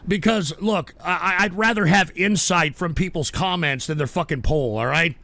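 Gravelly high-voiced man ranting angrily. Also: lively intonation, a little slow. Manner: profane, combative ranting with sudden shouts. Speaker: streamer reading donations. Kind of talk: live call-in style radio stream.

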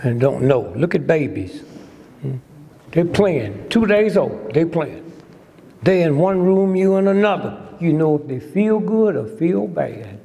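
A man's voice: on the high side, animated, a little slow, creaky, mellow. An older man giving a humorous lecture to a live audience, sly and teasing, constantly prodding the crowd with "hmm?". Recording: long hall reverb.

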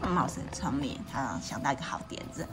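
A woman's voice: a bass voice, animated, brisk. A woman reading a storybook aloud to a child, explaining each page and often asking the child questions. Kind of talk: bilingual read-aloud.

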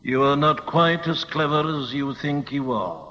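A man's voice: on the high side, animated, measured pace, sharp tone. A man voicing a firm religious teacher who emphatically rebukes and corrects a skeptic. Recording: old dull recording in a reverberant hall.

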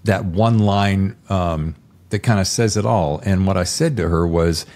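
A man's voice: low voice, a little slow, darkish tone. A man hosting a podcast interview, chatting in an effusive, rambling, enthusiastic way. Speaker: podcast host. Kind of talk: casual interview chat.

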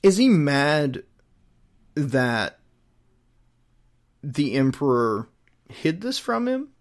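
Slow-talking man retelling a comic. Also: fairly high pitch, very animated. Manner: rambling, with many fillers and restarts. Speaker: host retelling a comic storyline. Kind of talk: casual chat.

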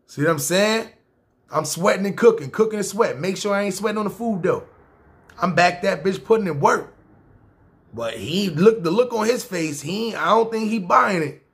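This is a New man who narrates his own life to camera. He speaks in loose street slang and keeps checking in with "see what I'm saying." His voice sits a bit higher than most men's. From New York. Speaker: YouTube storyteller. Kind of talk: casual personal storytelling.

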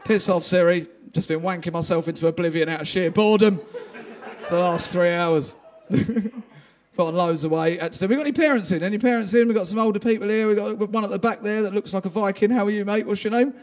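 A man's voice: sits high, steady tone, quick pace. A man doing a stand-up comedy set in a live venue, trading crude, self-deprecating banter with the crowd.

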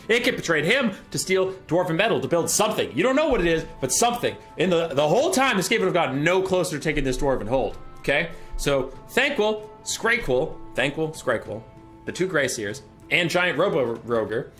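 A man's voice: medium pitch, a bit bright. A man casually retelling a book's plot for laughs, sarcastic and profane. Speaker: storyteller. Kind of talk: casual comedic lore retelling.

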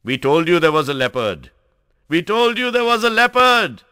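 A man voicing a band of rowdy village hunters who shout and jeer in loud, gleeful voices. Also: high-pitched, big pitch swings, normal speed, clean tone, voice pushed up, exaggerated voice. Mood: gloating.

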